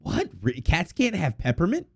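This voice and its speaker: A man co-hosting an anime podcast in casual chat, congested from allergies, animated and quick to swear and laugh. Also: sits high, gravelly, husky. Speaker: podcast co-host.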